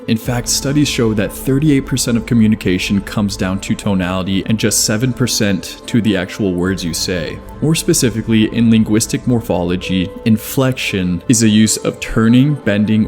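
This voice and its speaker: A man with a somewhat low voice reads a scripted video essay. His delivery is measured and evenly explanatory, never rushed. Faint music plays quietly behind him. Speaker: narrator. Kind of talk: scripted narration. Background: faint background music.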